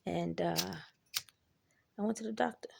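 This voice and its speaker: A woman's voice: on the low side, a little slow, creaky, darkish tone, breathy edge. A woman telling personal stories in a laid-back, rambling way, swearing freely and adding asides. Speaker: vlogger. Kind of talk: casual storytelling.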